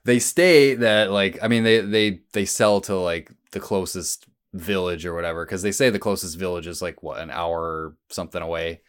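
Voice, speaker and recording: Deep-voiced man chatting animatedly. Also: normal speed, clean tone. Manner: animated, swears freely, acts out scenes. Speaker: podcast co-host. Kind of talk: casual film discussion.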